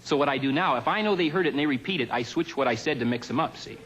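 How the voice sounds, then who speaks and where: Deadpan male stand-up comedian. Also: on the high side, very fast, highs cut off, a little hiss or hum. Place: television studio stage.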